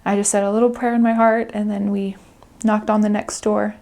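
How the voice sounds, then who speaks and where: A woman's voice: medium pitch, level tone, fairly quick, darkish tone. Earnest young woman recalling her mission. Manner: earnest and chatty, laughing often. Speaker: returned missionary. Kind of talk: interview reflection.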